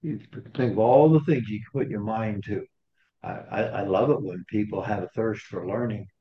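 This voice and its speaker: A man's voice: on the low side, normal speed. Conversational male preacher in a roomy hall. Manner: conversational, repeats and restarts phrases. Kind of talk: sermon. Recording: roomy, dull recording.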